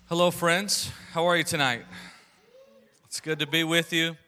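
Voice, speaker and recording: A man preaching to a young adult group in a conversational, animated way, telling family stories and reading scripture. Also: a little high, unhurried. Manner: conversational, animated, with storytelling asides. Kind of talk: sermon.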